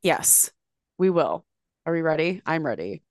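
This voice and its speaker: A woman co-hosting a casual podcast, chatting and storytelling in an animated way, swearing freely and acting out quotes in a higher voice. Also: measured pace, no echo, studio quality. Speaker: podcast co-host.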